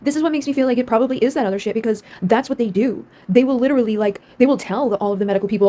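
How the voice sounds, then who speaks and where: Fast-talking exasperated young woman. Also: fairly high pitch, warm tone. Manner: exasperated, swears often, laughs between lines. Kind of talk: casual vlog rant.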